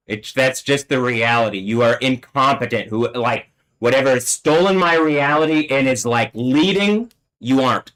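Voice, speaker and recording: A man's voice: medium pitch, fairly bright tone, poor audio. A man hosting a solo livestream, talking in an agitated, swearing rant. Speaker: livestream host.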